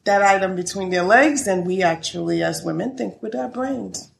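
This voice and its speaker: A woman's voice: medium pitch, moderate pace, gravelly. A woman guest in a casual interview, telling stories candidly and laughing often, recorded in an echoey room. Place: her studio. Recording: echoey room with faint noise.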